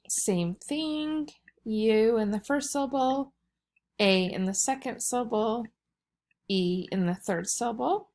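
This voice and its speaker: A woman teacher giving a recorded vocabulary lesson for children, explaining slowly and patiently. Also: a little high, a little mellow, a little hiss or hum.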